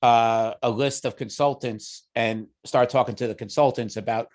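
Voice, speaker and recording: A man with a Long Island accent leads a committee meeting in a relaxed, conversational way, working his thoughts out aloud. His voice sits at an ordinary pitch for a man. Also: normal speed. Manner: easygoing, conversational, thinks aloud. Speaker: committee chair. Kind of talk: meeting discussion.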